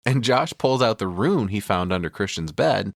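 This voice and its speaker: A man's voice: on the low side, lively intonation, moderate pace, creaky, dry recording, clean studio sound. A man co-hosting a podcast, retelling a film's plot in a casual, profane way with chuckles. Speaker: podcast co-host. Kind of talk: casual movie recap.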